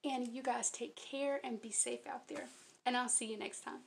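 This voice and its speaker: A woman's voice: fairly high pitch, steady tone, normal speed, creaky, a little hiss or hum. Rambling earnest woman crochet vlogger. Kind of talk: casual chat to viewers.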